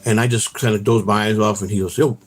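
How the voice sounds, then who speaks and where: A man's voice: lowish voice, little pitch movement, fast talker, slight background noise. A man hosting his own vlog, telling rambling, profane stories outdoors on a walk and tagging his sentences with "man". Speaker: vlog host. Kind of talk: rambling casual storytelling while out walking.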